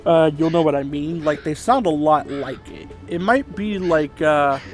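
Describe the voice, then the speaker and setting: A man's voice: a little high, measured pace. A man in his twenties giving casual gameplay commentary, rambling and laughing at the game. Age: 20s. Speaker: gaming YouTuber. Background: game music.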